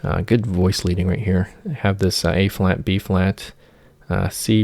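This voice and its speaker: A man with a low, gravelly voice talks through a music analysis in a loose lecture style. He breaks into sung syllables to demonstrate phrases and stops often with fillers. The recording is dry and close. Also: fairly even intonation, unhurried, hardly any pauses, a little mellow, no room sound. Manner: sings motifs with nonsense syllables, hesitant with many fillers. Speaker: music theory teacher.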